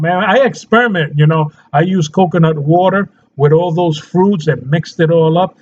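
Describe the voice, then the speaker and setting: Man with a fairly high voice, a chatty nutrition coach who laughs a lot, on dull lo-fi audio. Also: animated, moderate pace, few pauses. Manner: chatty, laughs often, keeps checking in with "okay?". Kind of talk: casual health talk to camera.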